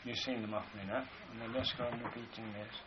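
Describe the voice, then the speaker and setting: A man giving a spoken lecture in a measured, explanatory way, slowing down to stress key words as he points to drawings. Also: on the low side, fairly even intonation, highs cut off, heavy background noise.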